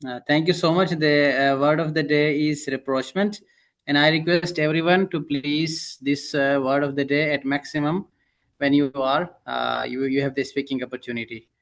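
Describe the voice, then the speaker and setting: A man's voice: a little high, steady tone, moderate pace, a bit bright. A man explaining his job as language evaluator at a club meeting, hesitant with frequent fillers.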